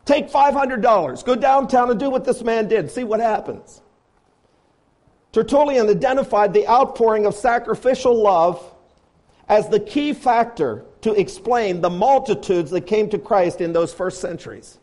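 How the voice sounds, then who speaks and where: A man with a notably high voice delivers a sermon. He presses his listeners with rhetorical questions, rising to loud appeals and then dropping to quiet, low asides. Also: animated, moderate pace. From grew up on a farm. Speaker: preacher.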